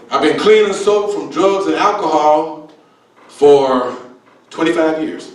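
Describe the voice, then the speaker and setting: Older brash comic in an echoey room. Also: male voice, fairly high pitch, measured pace, crowd noise. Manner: brash, streetwise, exaggerated, keeps calling people baby. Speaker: stand-up comedian. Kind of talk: stand-up routine. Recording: echoey room, distant mic.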